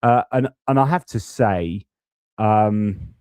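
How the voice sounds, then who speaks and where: A man's voice: on the low side, slow, darkish tone, clean tone, no echo, studio quality. A man hosting a live-stream news commentary, talking casually and thinking aloud as he goes through footage and reports. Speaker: host.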